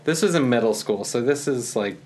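A calm young man talking softly and unhurriedly as a podcast guest in a relaxed conversation. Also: mid-range voice, slight background noise. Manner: calm, soft-spoken, unhurried. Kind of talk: casual conversation.

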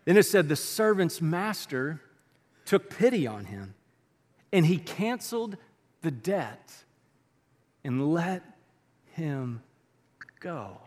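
A man preaching a sermon in a large auditorium, his voice carrying a long reverb. He speaks in a fairly high register and keeps shifting between loud animated bursts and quiet hushed passages. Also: slow, pauses often. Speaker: pastor. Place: church auditorium.

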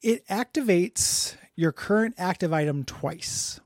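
A man's voice: high-pitched, lively intonation, slow, no echo, clean studio sound. A man hosting a podcast in casual chat, rambling and laughing at himself. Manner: rambling, laughing, self-deprecating. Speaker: podcast host.

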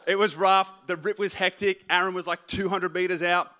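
A young man preaching a sermon, telling a story in an animated, self-mocking way. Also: high voice, normal speed. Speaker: pastor.

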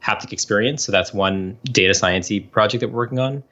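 A man in his thirties, a professor, explains his research in relaxed, rambling sentences full of fillers. His voice sits on the low side. The recording sounds dull and lo-fi. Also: brisk. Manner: chatty, explanatory, with frequent fillers. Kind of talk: casual podcast interview.

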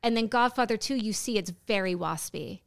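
A woman co-hosting a podcast in casual chat, animated and acting out movie lines as she talks. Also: mid-range voice, a little fast, gravelly. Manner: animated, quotes movie lines in put-on voices. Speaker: podcast co-host.

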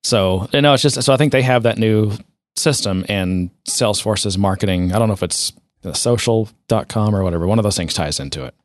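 A man's voice: fairly low pitch, fairly quick, few pauses, dry recording, studio quality. A man co-hosting a casual tech podcast, rambling and sardonic, with many fillers and restarts. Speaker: podcast co-host.

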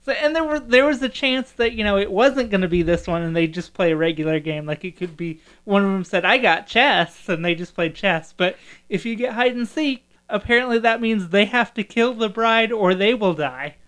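A woman's voice: mid-range voice, brisk. A woman co-hosting a casual movie chat, talking in a chatty way with frequent laughs and trailing sentences. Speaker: podcast co-host.

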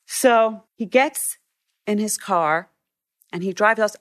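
A woman photographer telling stories in an interview, animated and acting out what people said, with frequent restarts. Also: mid-range voice, slow, no echo, clean studio sound. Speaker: news photographer. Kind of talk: storytelling in a sit-down interview.

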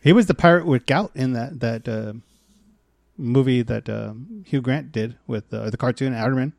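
A man in a casual movie discussion, talking earnestly with some halting restarts. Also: medium pitch, vocal fry, no room sound.

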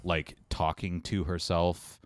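Low-voiced guy rambling about stuff, kinda wry, dry close sound. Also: little pitch movement, slow pace, no room sound. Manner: rambling, wry, self-mocking. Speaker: podcast co-host. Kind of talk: casual chat. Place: New York.

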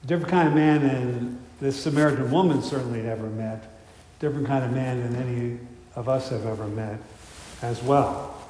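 A man's voice: medium pitch, a little fast, darkish tone, a little hiss or hum. Man preaching in an echoey hall. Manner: storytelling, conversational, with frequent fillers and restarts. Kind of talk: sermon. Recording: echoey hall with faint ambience.

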